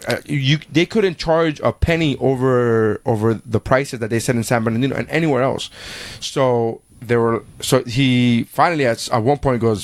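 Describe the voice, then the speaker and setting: A man in his thirties hosting a podcast, telling a story in casual chat, animated and swearing freely. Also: medium pitch, normal speed, hardly any pauses. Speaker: podcast host.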